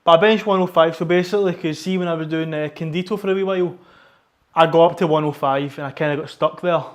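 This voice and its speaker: A man's voice: a little high, quick pace. Chatty Scottish man in a gym. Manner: chatty, rambling, self-correcting. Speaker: powerlifting vlogger. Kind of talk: casual gym vlog chat. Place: gym, indoors. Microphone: wireless lapel mic under t-shirt.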